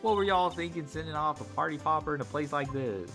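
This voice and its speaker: A man's voice: a little high, fast, close to an everyday voice. A man voicing a brash young Southern woman photographer, with a put-on Southern drawl and a feisty, folksy manner. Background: game music.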